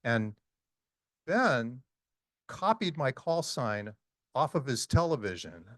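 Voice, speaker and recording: A man's voice: mid-range voice, sing-song, takes it slowly, fairly bright tone, dry recording, studio quality. A man in his sixties giving a casual, story-driven presentation to an audience, with frequent ums and uhs. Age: 60s. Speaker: conference speaker. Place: meeting hall talk.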